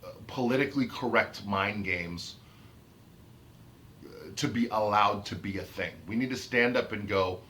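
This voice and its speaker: A man's voice: fairly low pitch, moderate pace, pauses often, pushed and bright, a little hiss or hum. A man ranting about his autism in an unscripted vlog, heated and emphatic, repeating and restarting his phrases. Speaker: autistic vlogger. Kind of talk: unscripted rant to camera.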